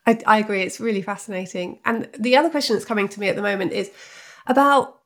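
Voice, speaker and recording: A woman's voice: medium pitch, fast. Enthusiastic woman podcast host. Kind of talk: conversational interview questions.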